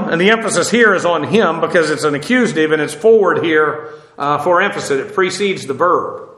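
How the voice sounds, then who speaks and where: A man teaching a verse-by-verse Bible study, parsing Greek grammar with frequent pauses and "uh" as he explains. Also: fairly high pitch, pushed and bright, roomy sound. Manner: explanatory, stops often with "uh" to parse grammar.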